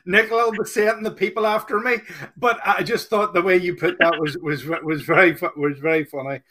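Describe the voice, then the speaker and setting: A man's voice: sits high, fairly even intonation, fairly quick, bright, forceful tone. A male host chatting with a stammer, teasing his guest. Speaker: radio host. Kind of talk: casual chat.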